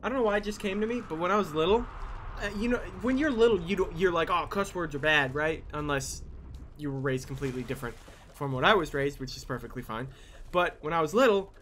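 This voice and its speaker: A young man playing a video game and commenting casually, swearing often and yelling at the game. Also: a little high, quick pace, a little hiss or hum. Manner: animated, swears a lot, yells at the game. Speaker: gaming YouTuber. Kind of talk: casual let's-play commentary.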